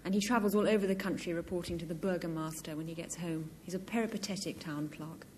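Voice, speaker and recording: A woman on a panel game, delivering a bluffed definition crisply and matter-of-factly. Her voice is fairly low for a woman, with faint hiss in the background. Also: quick pace, a little mellow.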